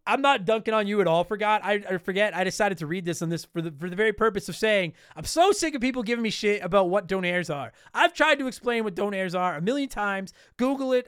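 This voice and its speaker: A man's voice: high-pitched, fairly bright tone, clear, resonant tone, no room sound, clean studio sound. A man hosting a podcast at home, answering listener mail in a blunt, profane, ranting way. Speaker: podcast host. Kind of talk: casual podcast talk reading listener mail. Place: home room with game shelf.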